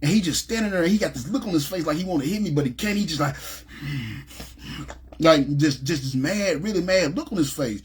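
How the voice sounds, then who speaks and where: A man from Memphis telling his personal testimony in a rambling, animated way and often asking "you know what I'm saying". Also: fairly high pitch, normal speed, slight background noise. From Memphis, USA. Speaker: ministry speaker giving testimony.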